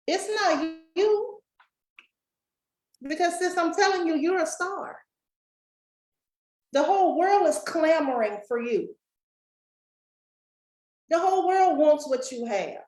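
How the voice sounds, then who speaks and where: In a high, slightly mellow voice, a summit speaker and coach offers folksy motivation straight to an audience present in person and online. The audio is poor and reverberant.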